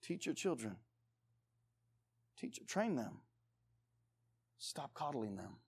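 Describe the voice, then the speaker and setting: A man preaching a sermon as pastor, emphatic, swinging between loud urging and quiet pleading. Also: medium pitch, sing-song, takes it slowly, gravelly, husky.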